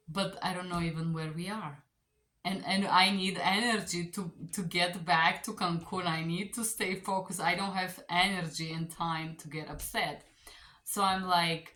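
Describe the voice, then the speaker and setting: A woman language teacher telling a story in a casual, animated way, with phrasing. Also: on the low side, unhurried. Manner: animated, chatty, non-native phrasing. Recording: echoey room.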